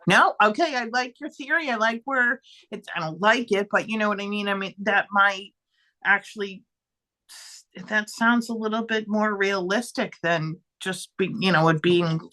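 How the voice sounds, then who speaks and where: A woman co-hosting a podcast in casual chat, animated, often exclaiming and trailing off mid-thought. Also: mid-range voice, normal speed. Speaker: podcast co-host.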